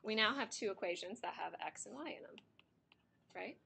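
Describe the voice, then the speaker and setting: A woman's voice: medium pitch, lively intonation, fairly quick, creaky, pushed and bright, slightly rough. A woman teaching a math class, explaining steps to her students while she is losing her voice and it keeps cracking. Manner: talks through steps at the board, chatty with students.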